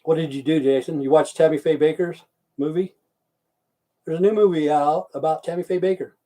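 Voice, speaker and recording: A man's voice: on the high side, fairly even intonation, a little fast, dark tone. A man from Idaho hosting a live stream, chatting casually, swearing often and answering viewers' chat messages aloud. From Idaho, USA.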